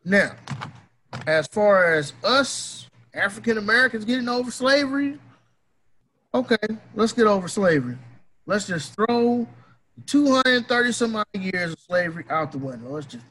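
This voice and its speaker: A man's voice: high voice, lively intonation, moderate pace, sharp tone, a little hiss or hum, low-quality recording. A man ranting in a casual opinion talk, emphatic, heated and profane.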